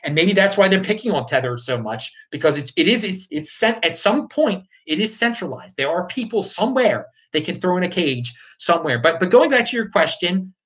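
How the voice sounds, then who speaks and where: This man hosts a crypto livestream from the United States, speaking high-pitched, brisk, and very animated with few pauses. His fairly bright voice comes through a low-quality recording as he rants unscripted in reply to viewers, often repeating and restarting.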